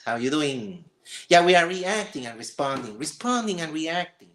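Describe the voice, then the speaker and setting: A man hosting a livestream, reacting to a video with sarcastic, exasperated commentary and excited stammering. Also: fairly high pitch, normal speed. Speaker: livestream host.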